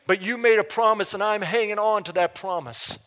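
A man preaching a sermon as pastor, reading scripture slowly and swinging from loud urgent bursts to hushed emphasis. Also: high voice. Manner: reads scripture slowly and deliberately. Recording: live hall reverb.

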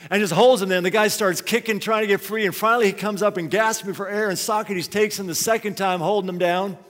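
A man preaching a sermon, telling a story and putting questions to the congregation. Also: sits high. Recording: long hall reverb.

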